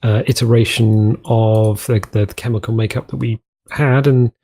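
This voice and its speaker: A man's voice: fairly low pitch, fairly even intonation, moderate pace, dark tone. A man casually commenting on his gameplay, rambling off on tangents and joking at his own expense. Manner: rambling, tangent-prone, self-mocking. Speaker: let's play host.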